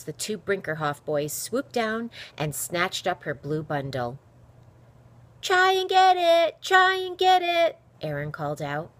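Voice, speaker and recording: Woman reader, low-pitched, animated delivery, children's chapter book read-aloud. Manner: expressive storytelling. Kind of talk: reading a children's novel aloud.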